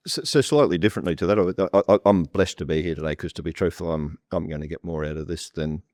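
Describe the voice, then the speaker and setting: Low-voiced man, plain-spoken. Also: fast talker, darkish tone, no room sound, studio quality. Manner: repetitive restarts, blunt and plain-spoken. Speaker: property developer guest. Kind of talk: conversational storytelling on a panel. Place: room with a live audience.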